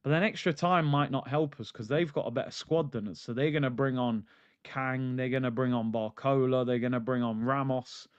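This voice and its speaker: A man's voice: medium pitch, normal speed, clean tone, dry recording, lo-fi sound. A man hosting a live football stream, ranting animatedly and reading out chat comments. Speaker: football channel host. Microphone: streaming mic.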